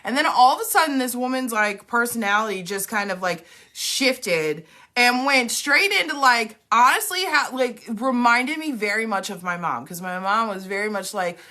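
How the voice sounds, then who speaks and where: A woman's voice: fairly high pitch, expressive, moderate pace, few pauses, bright, forceful tone. A woman co-hosting a casual chat, telling a story full of "like" and acted-out quotes. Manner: chatty, many fillers like "like", acts out quotes. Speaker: podcast co-host, medium.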